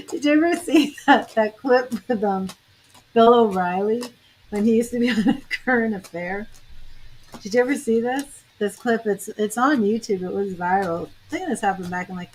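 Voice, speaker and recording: A woman's voice: medium pitch, a little mellow, a little hiss or hum, rough recording. A woman tarot reader and psychic medium chatting on a livestream, laughing often and greeting viewers by name. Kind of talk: casual livestream chat.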